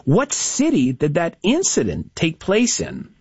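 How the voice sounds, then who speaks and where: A lively man hosting a radio trivia game, his voice lifting and dipping as he chats with callers. The tone is a touch husky and fairly high for a man. His voice is dry and slightly dull, recorded at a close studio mic. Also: measured pace, no echo. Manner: lively, chatty and encouraging with callers. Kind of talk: upbeat radio call-in quiz hosting. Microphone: studio broadcast mic.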